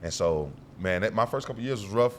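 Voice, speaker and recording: A young man speaks quickly in a fairly low voice as a guest in a casual interview. He tells his stories with animation and acts out each exchange. A faint hum sits behind him. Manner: animated storyteller who acts out quoted dialogue. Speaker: guest, pro football player.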